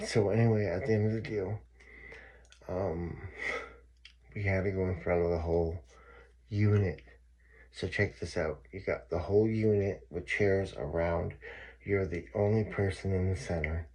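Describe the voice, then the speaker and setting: Low husky-voiced man telling a story. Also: unhurried, pauses often. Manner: profane, emphatic, repeats himself. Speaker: vlogger telling his own story. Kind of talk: casual storytelling monologue.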